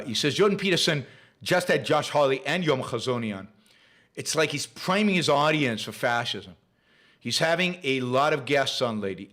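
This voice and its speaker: Forceful, bright-voiced male show host. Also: medium pitch. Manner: emphatic and opinionated, repeats phrases for emphasis. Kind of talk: solo political commentary monologue.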